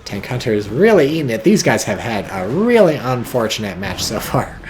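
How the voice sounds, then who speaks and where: A man giving casual, rambling game commentary, joking and swearing and getting excited as things happen. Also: mid-range voice, moderate pace, slight background noise. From not British. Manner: rambling, jokey, swears freely, gets excited.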